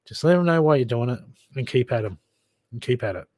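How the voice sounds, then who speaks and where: A man's voice: medium pitch, animated, a little fast, a little mellow, no room sound. A man giving tarot readings on a casual livestream, chatty and familiar, calling viewers darling and mate. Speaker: live tarot card reader.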